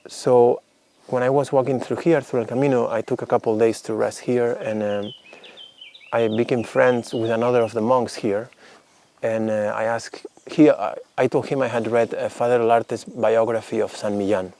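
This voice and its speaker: A man's voice: mid-range voice, normal speed, no echo. A man telling a personal story casually, rambling with many fillers. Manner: rambling, lots of fillers, animated when quoting others.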